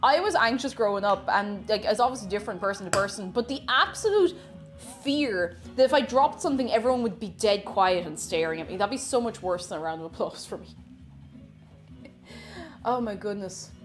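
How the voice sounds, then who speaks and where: A woman's voice: medium pitch, animated, fairly quick, faint music behind. A young woman with an Irish accent, chatting casually on a live stream while she bakes, reading chat aloud and joking along. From Ireland.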